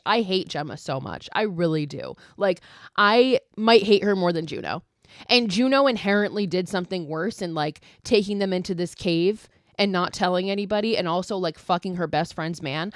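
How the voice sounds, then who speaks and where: Low-voiced woman ranting over a movie recap. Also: lively intonation, normal speed, no echo, studio quality. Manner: profane, ranting; filler-heavy storytelling. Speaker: podcast host. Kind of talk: casual horror movie recap.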